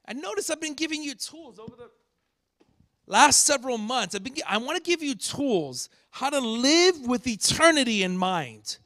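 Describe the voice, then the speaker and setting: A man preaching a sermon, teaching from scripture and acting out sharp rebukes with rising shouts. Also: very high voice, big pitch swings, normal speed. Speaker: pastor.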